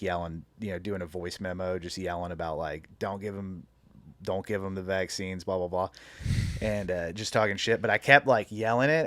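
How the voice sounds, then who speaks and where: A young adult man hosting a podcast, telling animated stories in casual chat and laughing often. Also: low-pitched, no room sound. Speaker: podcast host.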